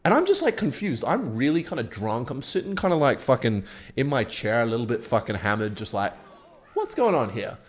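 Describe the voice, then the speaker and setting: A man's voice: mid-range voice, big pitch swings, a little fast. A young man streaming a game and telling a story in a laid-back, rambling way, swearing freely. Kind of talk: casual storytelling while gaming.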